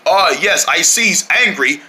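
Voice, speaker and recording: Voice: medium pitch, expressive, moderate pace, heavy background noise, pitched below the performer's own voice, close to an everyday voice. A performer voicing a formal male butler with a polite, deferential manner.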